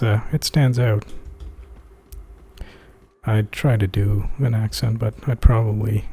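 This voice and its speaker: A man's voice: mid-range voice, mellow, breathy edge. A laid-back man streaming a game playthrough and chatting casually with his viewers. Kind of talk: casual gameplay commentary.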